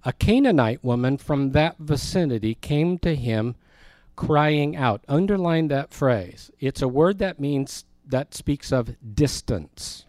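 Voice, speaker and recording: A man's voice: on the high side, lively intonation, slow, a little mellow, no room sound. A man teaching a Bible study in a conversational way, explaining words and asking his listeners questions.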